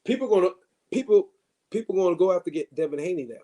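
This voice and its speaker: A man's voice: sits high, expressive, fast, mellow. A man hosting a live stream, chatting loosely about boxing, with many fillers and restarts.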